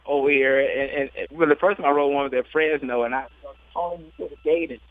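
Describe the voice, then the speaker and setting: A man's voice: mid-range voice, fast talker, dry recording. Laughing man on a tinny phone line. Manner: laughing, animated storyteller acting out quotes. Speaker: jockey guest. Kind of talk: storytelling interview.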